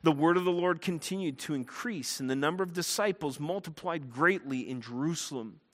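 A man preaching a sermon as a pastor, earnest and emphatic, turning quiet and low in prayer. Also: brisk. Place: church sanctuary. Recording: long hall reverb.

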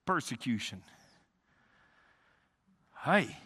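A man preaching a sermon, emphatic, often repeating and restarting words, swinging between loud emphasis and quiet lows. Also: big pitch swings, very slow, breathy edge. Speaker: pastor.

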